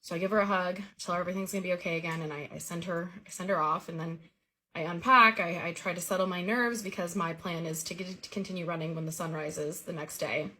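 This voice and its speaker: A woman's voice: lowish voice, quick pace. Woman earnestly telling a dream story. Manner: earnest, vivid retelling with lively quoted dialogue. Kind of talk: personal dream story, told casually.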